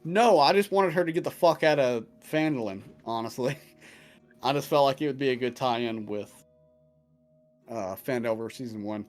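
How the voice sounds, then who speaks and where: Man, mid pitch, casual chat, swears, dungeon master, faint music behind. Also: normal speed. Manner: casual and profane, joking. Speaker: dungeon master answering viewer questions.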